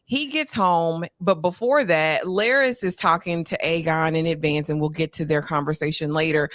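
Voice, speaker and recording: A woman's voice: sits low, moderate pace, a bit bright, no room sound, clean studio sound. A woman hosting a casual live-stream chat, retelling scenes dramatically and putting questions to her guests. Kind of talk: casual show recap chat.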